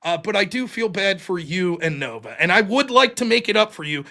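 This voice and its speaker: Man, very high voice, bright and forceful, blunt and profane, casual guest chat. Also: a little fast. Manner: blunt, profane, animated storytelling. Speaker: guest streamer and debater. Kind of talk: casual podcast conversation.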